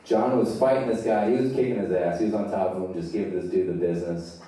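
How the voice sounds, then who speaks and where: A young adult man does loose, profane stand-up storytelling live on a theater stage, laughing at his own tale. His deep, mellow voice holds a steady tone while he talks fast, and the recording sounds echoey and distant.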